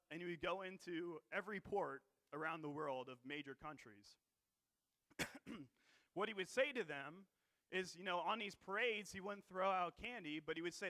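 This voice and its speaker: A man preaching in church with a bright, forceful tone and a slightly high pitch. He talks conversationally, with plenty of fillers and "right?" checks, and keeps clearing a dry throat. The sound is close and dry. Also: no echo. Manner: conversational, many fillers and tag questions. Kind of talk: sermon.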